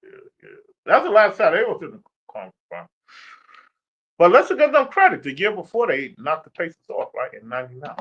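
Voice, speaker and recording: Animated, trash-talking man on lo-fi audio. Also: sits high, a little fast, husky. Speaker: sports streamer. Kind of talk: casual sports rant. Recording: dull lo-fi stream audio.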